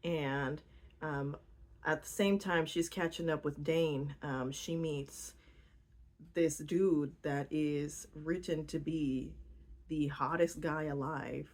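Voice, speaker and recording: A woman's voice: low-pitched, fairly even intonation, slow, darkish tone. A young woman giving a casual, slangy book recap, rambling with fillers and giggling now and then. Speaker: book vlogger.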